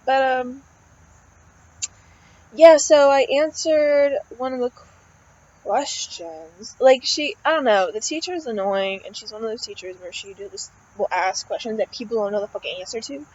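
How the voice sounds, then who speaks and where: A young woman with a fairly high voice rants about her day in a loose, rambling way. She peppers her talk with swearing and "like". The recording sounds a little dull and lo-fi. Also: normal speed, darkish tone. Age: young adult. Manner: rambling, swears often, heavy use of "like" and fillers. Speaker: college student vlogger. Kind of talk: casual venting monologue.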